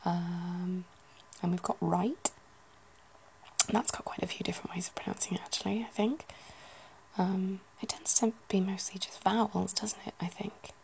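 A woman musing softly in a whispered ASMR chat, gently poking fun at herself. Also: mid-range voice, fairly even intonation, normal speed, creaky, slight background noise, low-quality recording. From United Kingdom. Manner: soft, self-deprecating, musing aloud. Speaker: ASMR video host.

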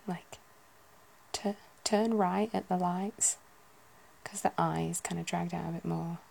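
A woman musing softly in a whispered ASMR chat, gently poking fun at herself. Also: lowish voice, gravelly, slight background noise, rough recording. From United Kingdom. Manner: soft, self-deprecating, musing aloud. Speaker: ASMR video host.

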